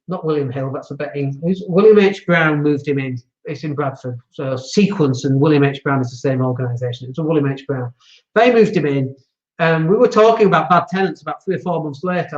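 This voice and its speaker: Blunt guy ranting about landlords, highish voice, echoey room, kinda dull lo-fi sound. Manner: blunt, conversational, acts out quoted voices. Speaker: property investor and show host. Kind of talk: casual monologue.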